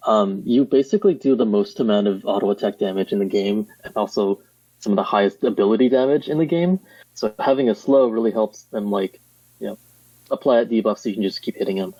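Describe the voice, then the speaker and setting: A man in a casual chat, explaining game tactics with halting restarts and fillers. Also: lowish voice, dark tone, slightly rough, no echo. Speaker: guest player. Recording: dull lo-fi dry mic.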